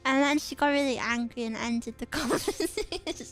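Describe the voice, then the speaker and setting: A woman's voice: high voice, fairly quick, a bit bright, soft background music. A woman streamer chatting casually, telling teasing stories with frequent giggles. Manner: giggly, laughs often between stories; playful, teasing storytelling. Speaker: VTuber streamer. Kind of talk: casual chat.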